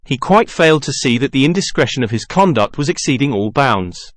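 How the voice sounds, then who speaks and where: A man reading a classic novel aloud as a narrator, in an even, measured way with little character acting. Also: mid-range voice, dry recording, studio quality. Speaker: audiobook narrator. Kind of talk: scripted narration.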